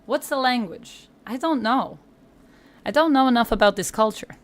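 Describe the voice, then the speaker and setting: A woman's voice: on the high side, moderate pace. A woman streamer chatting casually on a livestream, thinking aloud and asking herself questions as she goes.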